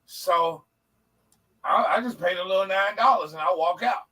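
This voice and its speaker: Podcast guy telling a story, high and gravelly, kinda far off the mic, cusses a lot. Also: moderate pace. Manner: animated, profane, acts out quoted voices. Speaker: podcast co-host. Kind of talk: casual storytelling.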